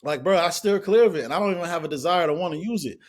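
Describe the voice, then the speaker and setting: A man's voice: on the high side, lively intonation, racing. A man in casual group discussion, talking emphatically and swearing freely. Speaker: podcast co-host.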